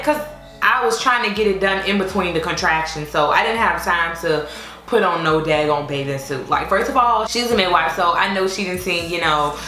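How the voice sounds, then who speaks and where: Young woman vlogger, slightly low voice, chatty storyteller, faint music under a roomy room sound. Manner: chatty and expressive, with many fillers. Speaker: vlogger telling her labor story. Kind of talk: casual storytime chat.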